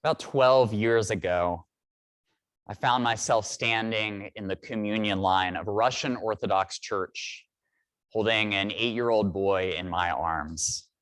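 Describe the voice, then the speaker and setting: A man in his thirties preaching a sermon in a church, telling a reflective story at a measured pace with pauses. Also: on the low side, a bit bright, dry recording. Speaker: priest.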